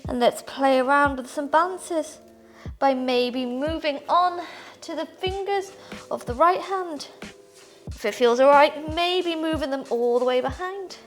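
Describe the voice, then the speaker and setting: A woman's voice: sits high, unhurried, faint music behind. A young woman teaching a power yoga class, upbeat as she talks students through poses and counts breaths aloud while she moves. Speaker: yoga instructor. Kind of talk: guided yoga class instruction.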